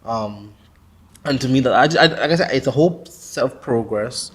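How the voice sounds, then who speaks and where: A man's voice: medium pitch, moderate pace, breathy edge. A man hosting a casual discussion, eager and rambling, with many fillers.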